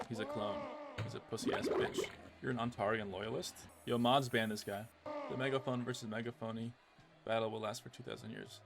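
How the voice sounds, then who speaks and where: A young man from the United States giving casual, excitable commentary over a game he is playing, often exasperated. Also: medium pitch, fairly quick. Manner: excitable, exasperated, says "bro" a lot. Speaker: gaming video creator. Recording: game music behind the voice.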